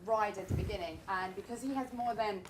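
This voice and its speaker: A woman's voice: medium pitch, a little fast. A woman hosting a live event, introducing the next speaker in a chatty, loose way. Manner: chatty, loose, warm about her partner. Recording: roomy, distant, with faint room noise.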